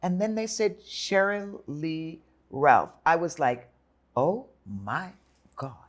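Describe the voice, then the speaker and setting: An older woman telling her story in an interview, lively and dramatic, acting out the voices of others. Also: deep voice, slow pace. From Jamaica and United States. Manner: animated storyteller, acts out voices. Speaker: guest.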